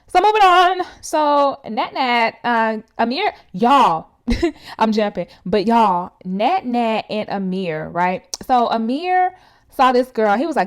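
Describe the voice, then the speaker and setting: A woman giving a casual recap of a reality show episode, talking straight to viewers in a chatty, animated way full of fillers. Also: on the high side, normal speed. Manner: speaks straight to viewers as "y'all".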